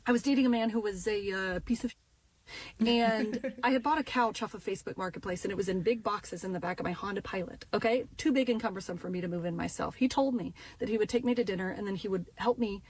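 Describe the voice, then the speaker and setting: A young woman tells a comedic story in a casual, animated way, with punchy dramatic asides. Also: mid-range voice, fast. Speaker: storyteller in a social media video.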